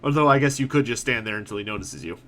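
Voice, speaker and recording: A man's voice: mid-range voice, rapid-fire, a little hiss or hum. A man running a tabletop role-playing game as game master, narrating loosely with plenty of ums and uhs. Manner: relaxed, filler-heavy narration.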